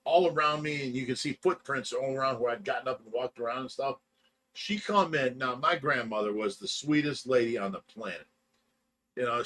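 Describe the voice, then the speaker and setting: A man hosts a livestream, telling long, rambling stories in a casual chat and laughing along at his own tales. He sounds tired from a lack of sleep, and his mid-range voice is a bit bright.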